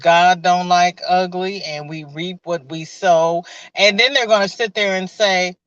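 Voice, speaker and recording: A woman's voice: fairly low pitch, fairly even intonation, unhurried, a bit bright, no echo. A woman hosting a casual live stream from her car, chatting and laughing as she greets viewers by name and reads their comments. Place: inside a car. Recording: dull, lo-fi.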